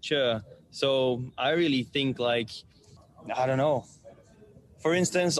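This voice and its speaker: A man's voice: mid-range voice, slow, long pauses, slight background noise. A man, a professional darts player, answering interview questions over a video call in a cheerful, playful way and laughing often.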